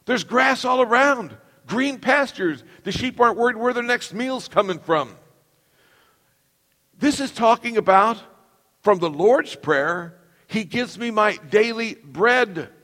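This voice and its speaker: A man's voice: very high-pitched, lively intonation, a little slow, fairly bright tone. A middle-aged man preaching a sermon as pastor, emphatic and calling on the congregation to repeat lines after him. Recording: long reverb of a large hall.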